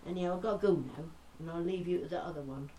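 A woman's voice: on the low side, quick pace, mellow, recorded from a distance, a little hiss or hum, close to an everyday voice. A woman voicing a chatty old Norfolk countrywoman with a broad rustic accent, spinning jokey yarns. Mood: jolly yarning.

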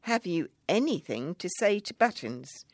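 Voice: medium pitch, sing-song, a little slow, dry recording. A storyteller voicing Buttons, a cheery male pantomime servant, in a playful, lightly sing-song way, recorded close and dry. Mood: coaxing.

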